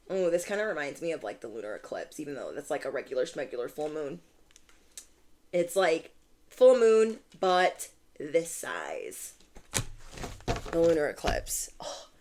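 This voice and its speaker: Speaking in a deep voice over a little hiss or hum, this young woman reads tarot for her audience. She's chatty and effusive, sprinkling in plenty of "like"s and "oh my gosh"es.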